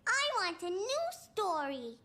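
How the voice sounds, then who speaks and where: A woman's voice: very high-pitched, big pitch swings, takes it slowly, bright, forceful tone, full character voice. An actor voicing an eager, sometimes whiny four-year-old cartoon boy. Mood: childlike. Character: excited preschool boy, four years old.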